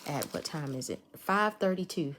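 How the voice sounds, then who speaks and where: A woman chats casually as she unboxes nail supplies, talking straight to her viewers. Her voice sits low. A faint hiss runs under the recording. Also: expressive, normal speed, fairly bright tone. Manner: chatty, talks to viewers as y'all. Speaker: nail art vlogger.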